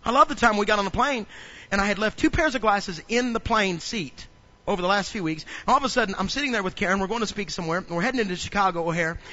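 A man pastor preaching a sermon, telling funny stories and building up to loud preaching. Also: sits high, fast, dull audio. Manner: humorous storytelling, acts out little scenes.

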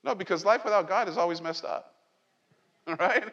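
A man's voice: high-pitched, moderate pace, big-room sound, highs cut off. A man preaching a sermon as pastor, talking conversationally and joking with his congregation. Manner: conversational, animated preaching with jokes and asides. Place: church sanctuary.

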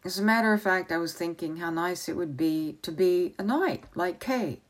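A woman's voice: lowish voice, moderate pace, lightly acted. A woman voicing an earnest young boy from a storybook who talks eagerly and wistfully.

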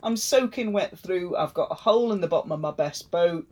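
A woman's voice: lowish voice, a little fast, a little mellow, lightly acted. A woman voicing a nervous male giant who pleads with his guest to leave, in a casual storytelling voice. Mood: baffled. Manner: exasperated pleading.

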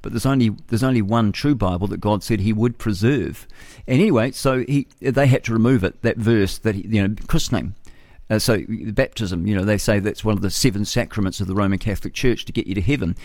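Chatty New Zealand radio host, low and dry. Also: male voice, fairly quick, darkish tone, no room sound. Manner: chatty, opinionated, laughs at own jokes. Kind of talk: rambling talk-radio monologue. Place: radio studio.

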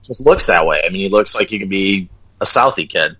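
A man's voice: deep voice, expressive, a little fast, pushed and bright, poor audio. A man co-hosting a podcast in casual chat, easygoing with wry jokes. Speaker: podcast co-host.

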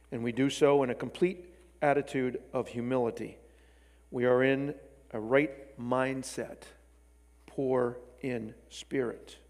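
A man delivering a sermon in a church sanctuary, his voice trailing into a long reverb. He talks at an ordinary middle pitch, explaining things conversationally and slipping in casual asides. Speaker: preacher.

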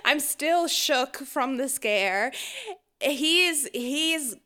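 A woman co-hosting a podcast, telling a story in casual chat, animated and often laughing as she acts out what people said. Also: high voice, very slow. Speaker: podcast co-host.

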